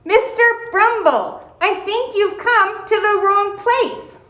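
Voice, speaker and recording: A woman's voice: very high-pitched, slow, sharp tone, echoey room, voice pushed up, exaggerated voice. A woman voicing a small, brave young female mouse who talks in an earnest, polite way.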